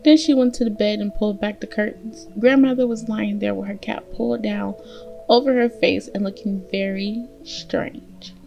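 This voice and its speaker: A woman reading a fairy tale aloud as storyteller, gentle and steady. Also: medium pitch, normal speed, gravelly, faint music behind.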